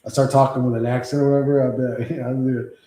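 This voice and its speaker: Brief: mellow-voiced man, loose and profane livestream chatter, echoey room. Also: medium pitch, little pitch movement, quick pace. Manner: profane, rambling, reacts to chat. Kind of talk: casual livestream chat.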